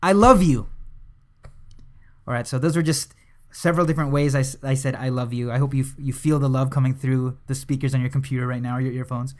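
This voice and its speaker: A young man gives a casual hypnosis lesson to his viewers. He talks at an ordinary middle pitch, rambling a little and restarting his sentences with plenty of fillers. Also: fast. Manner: relaxed, conversational, many fillers and restarts. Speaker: hypnosis instructor. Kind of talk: casual instructional talk to camera.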